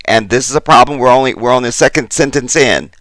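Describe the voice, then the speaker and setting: A man giving a casual commentary to his viewers, exasperated and chatty, jumping between loud emphasis and muttered asides. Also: mid-range voice, fast talker, no echo. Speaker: YouTube commentator.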